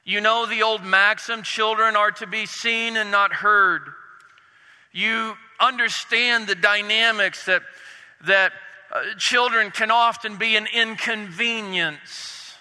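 A man preaching a sermon with drama, dropping his voice low and soft to stress points. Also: fairly even intonation, takes it slowly, clean tone, in a large hall, poor audio. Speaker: pastor.

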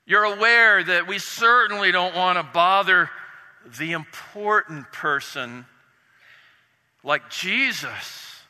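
A man preaching a sermon with drama, dropping his voice low and soft to stress points. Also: takes it slowly, long reverb tail, rough recording. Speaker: pastor.

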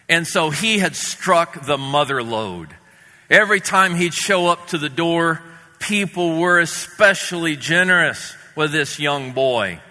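A man preaching a sermon, opening with a prayer and then telling a story in a measured, vivid way. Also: a little high, pushed and bright. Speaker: pastor. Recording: long reverb in a hall.

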